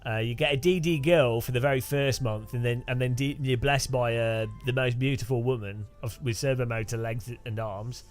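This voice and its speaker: A man's voice: mid-range voice, fairly even intonation, normal speed, hardly any pauses, faint music behind. A man casually chatting on a live stream, rambling with dry joking asides.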